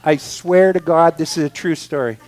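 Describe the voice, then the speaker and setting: A man giving a guest talk at a spiritual center, telling a humorous personal story in an animated, expressive way, moving from loud excitement to quiet asides. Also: fairly high pitch, moderate pace, background noise. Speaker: guest speaker.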